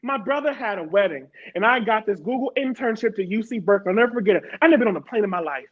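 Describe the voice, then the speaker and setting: A woman's voice: medium pitch, animated, very fast, highs cut off. A woman from Harrisburg, Pennsylvania, giving a personal testimony as a panel guest, emphatic and repeating words for stress.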